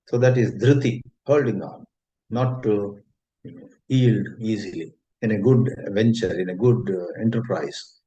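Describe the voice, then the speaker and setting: A man with an Indian English accent giving a spiritual talk, gentle and unhurried, telling a story and rephrasing his words as he goes. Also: on the low side. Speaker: spiritual teacher. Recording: dull lo-fi recording.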